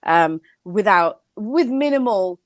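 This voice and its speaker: A woman's voice: medium pitch, lively intonation, takes it slowly, no echo. A woman on a live online panel, talking defensively and swearing freely. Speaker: panel guest.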